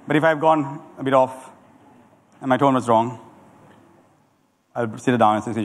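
A middle-aged man preaching a sermon as a pastor, animated and calling on the congregation to answer back. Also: mid-range voice, normal speed, long pauses. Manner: animated preaching with audience call-and-response. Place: church hall. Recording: church hall with long reverb.

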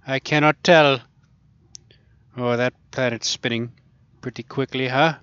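A man's voice: mid-range voice, fairly even intonation, measured pace, fairly bright tone, clear, resonant tone, no room sound, dull audio. A man casually commenting while he plays a VR archery game, chatting and laughing to himself as he goes. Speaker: gaming channel host.

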